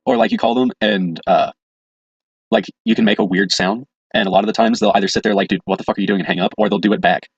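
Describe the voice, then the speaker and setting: A man's voice: lowish voice, animated, fast, gravelly, slightly rough, dry recording. A man co-hosting a casual comedy podcast, telling crude jokes and laughing often. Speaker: podcast co-host. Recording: dull lo-fi sound.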